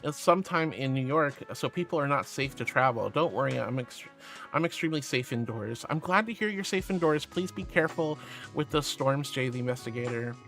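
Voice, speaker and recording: A man's voice: medium pitch, expressive, fairly quick, a bit bright, faint music behind. A man streaming as a VTuber, reading chat aloud in a sweet, doting way and calling viewers sweetie and honey.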